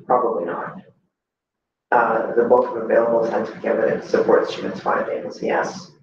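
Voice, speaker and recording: A man's voice: on the low side, normal speed, gravelly, background noise. Hesitant male student, far off in an echoey room. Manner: reading aloud and thinking out loud, hesitant. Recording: distant, very echoey classroom, dull sound.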